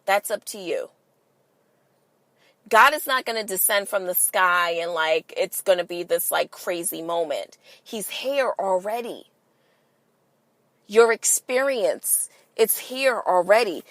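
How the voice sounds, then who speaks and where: A woman's voice: medium pitch, animated, slow, fairly bright tone, no echo. A woman hosting a podcast in a casual monologue, emphatic and swearing freely, firing rhetorical questions at listeners. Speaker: podcast host.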